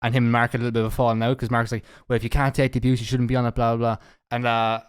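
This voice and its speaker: This is a young man hosting a podcast. He talks quickly in a clean, smooth voice. His tone is casual and gossipy, and he swears along the way. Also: mid-range voice, flat delivery. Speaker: podcast host.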